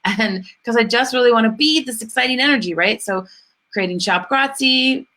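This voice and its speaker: A woman's voice: medium pitch, sharp tone. A woman hosting a casual spiritual business chat, enthusiastic and full of fillers. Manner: chatty, many fillers, enthusiastic. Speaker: host.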